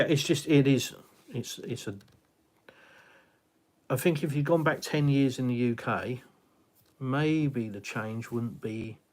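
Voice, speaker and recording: A middle-aged English man with a southeastern accent and a slight West Country twang, rambling casually on a live stream and answering viewer comments. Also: mid-range voice. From England. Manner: rambling, many fillers and restarts, chatty.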